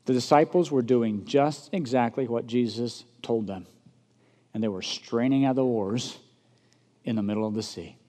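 A man preaching a sermon, swinging from loud emphatic peaks down to soft low asides and asking the congregation rhetorical questions. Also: moderate pace. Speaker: pastor. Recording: long reverb of a large hall.

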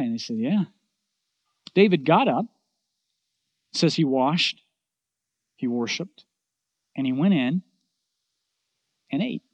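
Earnest high-voiced male preacher. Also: dry recording, muffled recording. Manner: earnest preaching that swings from loud emphasis to hushed, low endings. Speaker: pastor. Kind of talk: sermon.

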